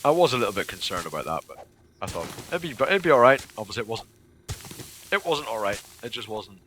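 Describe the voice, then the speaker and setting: Excitable swearing man streaming a game. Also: brisk, a little hiss or hum. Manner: excitable, swears often, yelps high when startled. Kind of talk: live gameplay commentary.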